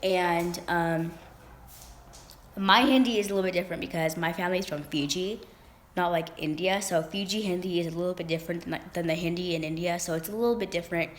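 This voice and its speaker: A young woman chatting straight to camera in a loose storytime vlog, circling back and restarting her sentences. Her voice sits a little low for a woman. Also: fairly quick. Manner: rambling, with many fillers and restarts. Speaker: vlogger. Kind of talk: casual storytime chat.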